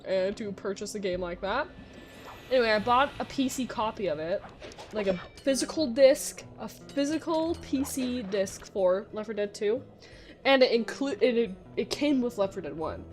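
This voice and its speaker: A young woman streaming a game, chatting casually and rambling with lots of fillers and restarts. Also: medium pitch. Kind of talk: casual gameplay chat. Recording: music playing behind the voice.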